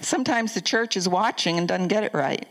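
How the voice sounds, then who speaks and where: A woman's voice: medium pitch, a little fast, rough recording. An older woman pastor preaching a conversational sermon, asking the congregation questions as she goes.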